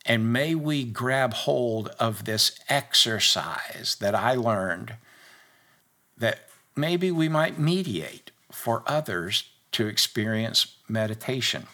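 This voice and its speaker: A man's voice: mid-range voice, expressive, slow pace, bright, forceful tone. A man giving a short devotional podcast message as a pastor, earnest and conversational, repeating key phrases for emphasis.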